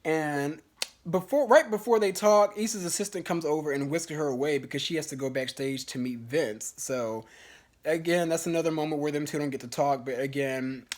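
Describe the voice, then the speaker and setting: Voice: medium pitch, normal speed. A vlogger giving a casual, profane, gossipy TV episode review, full of fillers and restarts. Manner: chatty, blunt, profane, gossipy; fillers and restarts, lively swings in loudness.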